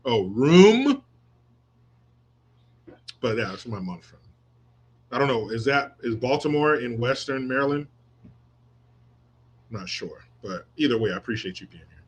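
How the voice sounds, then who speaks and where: A man's voice: mid-range voice, normal speed, pauses often, a bit bright, slight background noise. Crude, sarcastic male commentary host. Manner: crude, sarcastic, mocking, profane. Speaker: host reading live chat. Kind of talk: political commentary livestream.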